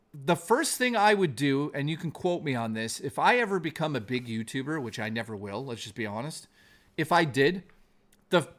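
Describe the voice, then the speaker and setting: A man's voice: fairly high pitch, bright, forceful tone. Heated, profane male streamer. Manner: heated, profane, repetitive ranting. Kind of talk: angry live-stream rant and chat reading.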